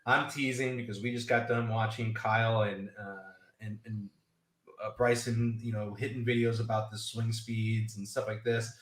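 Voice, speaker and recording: A man's voice: on the low side, level tone, normal speed, roomy sound. A man co-hosting a casual golf live stream, telling rambling stories and acting out the voices of the people in them. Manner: rambling storyteller, acts out quoted voices. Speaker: golf podcast co-host.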